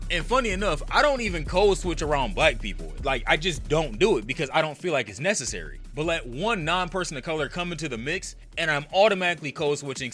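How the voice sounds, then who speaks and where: Bright-voiced young man ranting candidly. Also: fairly high pitch. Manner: candid, profane, emphatic outbursts. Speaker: content creator. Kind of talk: personal vlog rant.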